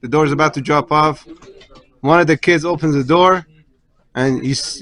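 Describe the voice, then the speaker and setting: A rabbi in a weekly class tells a long story in a fairly high voice. He is animated and lifts his pitch to speak the children's and the widow's lines. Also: a little fast, poor audio. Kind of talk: sermon storytelling.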